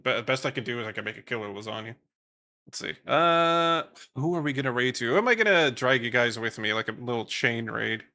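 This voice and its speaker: A man's voice: medium pitch, expressive, fairly quick, sharp tone. A young man from the Netherlands with a Dutch accent, chatting casually on a stream and rambling while reading chat. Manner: rambling, swears casually, reads chat aloud.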